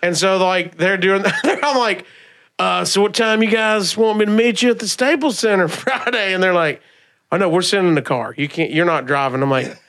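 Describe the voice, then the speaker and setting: A man from Alabama with a Southern accent, a comedian telling stories on a podcast in a casual, animated way, acting out other people's lines. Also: sits high, moderate pace. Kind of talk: casual storytelling.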